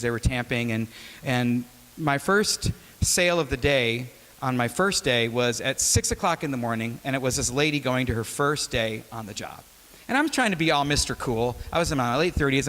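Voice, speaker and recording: A man in his forties from Wisconsin, giving a casual, joking sermon as a guest speaker and telling stories. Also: medium pitch. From Wisconsin, USA. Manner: joking, conversational, animated storyteller. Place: chapel hall. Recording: long reverb of a large hall.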